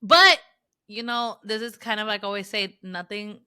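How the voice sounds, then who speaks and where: A young woman co-hosting a casual podcast, chatting excitedly and acting out moments from a reality show. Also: mid-range voice, moderate pace, clear, resonant tone, no room sound, clean studio sound. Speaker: podcast co-host. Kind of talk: casual chat.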